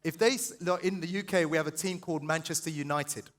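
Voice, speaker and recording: Passionate guy doing a sales seminar, fairly high voice, talks fast and keeps asking the room yes or no. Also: fairly even intonation, fairly bright tone. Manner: passionate, fast, quizzes the audience. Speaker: sales trainer speaking at a seminar. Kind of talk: live motivational seminar talk.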